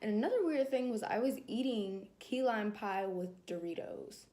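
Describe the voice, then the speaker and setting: Young woman, vlogger, casual storytelling, animated, laughing, warm mellow voice. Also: on the high side, normal speed. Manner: animated, laughing, acting out her inner dialogue.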